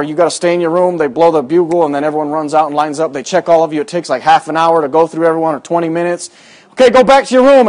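Male pastor with a raised pitch, chatty and rambling, drifting from anecdote into scripture in church. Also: darkish tone. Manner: folksy, rambling storytelling with many fillers. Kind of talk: sermon with personal story.

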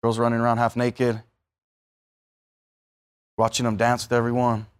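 A man's voice: mid-range voice, completely flat delivery, normal speed, smooth. A man preaching a sermon, telling everyday stories and acting out the voices of the people in them. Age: adult, married.

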